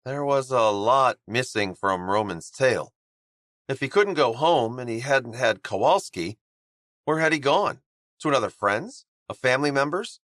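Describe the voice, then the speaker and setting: An audiobook narrator reads a romance aloud in a measured, even storytelling manner as scripted narration. His medium-pitched voice is captured in a dry recording with clean studio sound.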